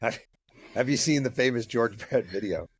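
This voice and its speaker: A man from New York state talks as a podcast guest, loose and conversational, with a few hesitant pauses. His voice sits in the middle range for a man. The recording is dry and close. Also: mid-range voice, slightly rough, no room sound. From New York state, USA. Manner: relaxed, conversational, hesitant fillers. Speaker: guest author and journalist. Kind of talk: casual interview talk.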